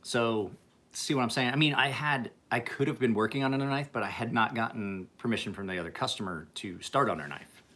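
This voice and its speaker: A man's voice: mid-range voice, brisk, sharp tone. A man who sharpens and refinishes knives, chatting casually and profanely with viewers on a livestream. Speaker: knife sharpener.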